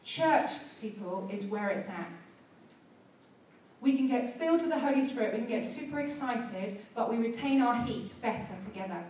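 Delivering a sermon and prayer in a church hall, a woman preacher speaks at a moderate pace with a slightly high, slightly mellow voice and lively intonation. Conversational stories build to fervent exhortation. The recording is very echoey and distant, with slight background noise.

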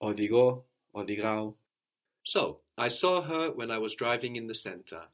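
A man's voice: medium pitch, lively intonation, normal speed. A man giving a patient one-to-one language lesson, prompting his student with questions and repeating the answers. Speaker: language teacher.

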